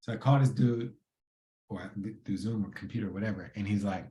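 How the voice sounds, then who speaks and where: A man in his thirties, a podcast guest telling his story in a lively, casual, slangy way. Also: fairly low pitch, a little fast. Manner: animated, acts out quoted dialogue in a casual slangy way. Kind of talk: conversational storytelling. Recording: roomy echo.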